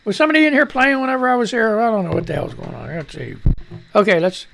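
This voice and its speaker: A man with a gravelly, rough-edged voice hosts a live radio show, ranting and swearing between news items. He grumbles at his microphone and drifts on and off it, his level jumping as he moves. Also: high voice, expressive, fast talker, fairly bright tone, slight background noise. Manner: profane, irritable rant, fiddling with the mic. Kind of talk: unscripted live radio talk and news reading. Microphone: studio microphone at shifting distance.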